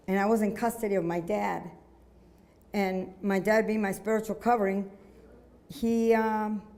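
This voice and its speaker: A woman giving a personal testimony at a church conference, telling her story earnestly with many halting restarts. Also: mid-range voice, mellow.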